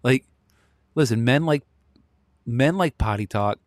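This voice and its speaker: A man's voice: medium pitch, lively intonation, measured pace, no echo, studio quality. A man in his thirties hosting a solo commentary show, blunt and ranting, often breaking into laughter. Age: 30s. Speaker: podcast host.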